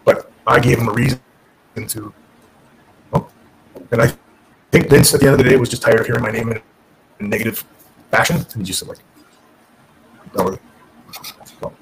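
A man's voice: mid-range voice, normal speed, creaky, pauses often, a little hiss or hum, poor audio. A middle-aged man, a former pro wrestler, candidly telling his career story in an interview, frank and profane, often restarting his sentences.

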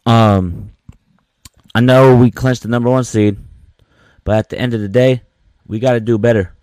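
A man's voice: mid-range voice, fairly even intonation, moderate pace, a little mellow, clear, resonant tone, no room sound. A man hosting his own sports podcast, venting casually in slang with many repeated words. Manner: slangy, repetitive, frustrated venting.

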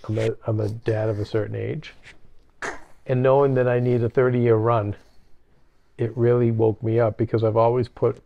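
A middle-aged man co-hosting a podcast, telling a personal story casually with halting restarts. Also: medium pitch, little pitch movement, gravelly, lo-fi sound. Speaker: podcast co-host. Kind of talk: casual chat.

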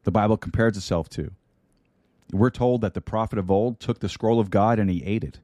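A man's voice: lowish voice, a little fast, warm tone, dry recording. A male pastor preaching a podcast sermon in an earnest way, repeating key phrases for emphasis, into a studio microphone. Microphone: studio microphone with mute button.

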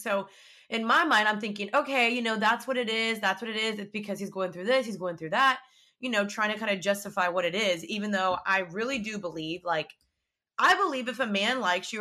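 Young woman, bright voice, chatty storyteller full of "like"s. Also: medium pitch. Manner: chatty, animated, lots of "like" and acted-out quotes. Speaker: vlogger. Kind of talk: casual storytelling.

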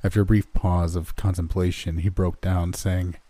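A man narrating a horror story in a measured, somber way. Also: low voice, level tone, mellow, no echo.

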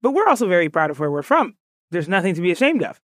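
A woman's voice: fairly low pitch, sing-song, quick pace, no echo, clean studio sound. A woman voicing her proud, strict immigrant mother in a firm, matter-of-fact tone.

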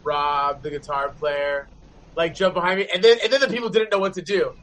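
A man with a notably high-pitched voice tells a rambling, heavily profane story, thick with "like" and "you know". Faint background ambience sits under his voice. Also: fairly even intonation, fairly quick, a bit bright, slight background noise, poor audio. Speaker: touring band member telling a story. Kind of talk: casual chat.

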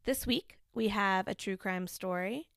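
A woman's voice: mid-range voice, a little slow, gravelly, fairly bright tone, smooth, dry recording. A chatty woman co-hosting a podcast, talking casually with a teasing, playful edge. She sounds a little out of breath. The sound is dry and close. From Kansas City area, USA. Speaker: podcast co-host. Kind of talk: casual chat.

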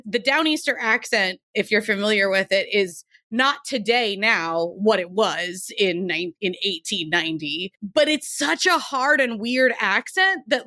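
A woman's voice: medium pitch, bright, forceful tone, no room sound, studio quality. A woman co-hosting a podcast, talking through a film in an enthusiastic, analytical way with lots of fillers. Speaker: podcast co-host. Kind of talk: casual film discussion.

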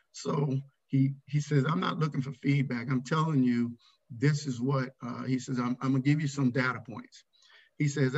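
A man's voice: mid-range voice, dull audio. A middle-aged man, a retired navy command master chief, candidly telling a story from his career in a casual interview. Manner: candid, animated when retelling his anger.

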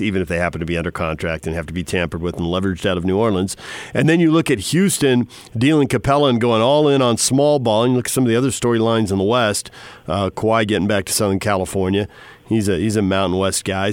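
A man hosting a sports radio interview, asking questions with long, energetic set-ups. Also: on the low side, clear, resonant tone, no room sound.

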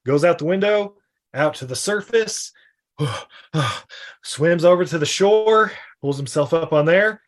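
A man with a high, light voice hosts a casual podcast and retells a film's plot in a loose, rambling way. He laughs often and slips into quick voices for the characters he describes. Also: animated. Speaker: podcast host. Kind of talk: casual film recap chat.

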